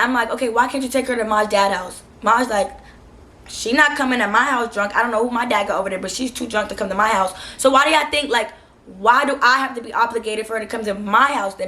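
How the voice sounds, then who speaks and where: A young woman recounts a chaotic night to her viewers in loose, slangy talk. Her voice is fairly high and bright, pushed forward with force. She sounds irritated and keeps circling back to make her point. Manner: animated, frustrated, slangy retelling. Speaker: vlogger. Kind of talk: casual storytime.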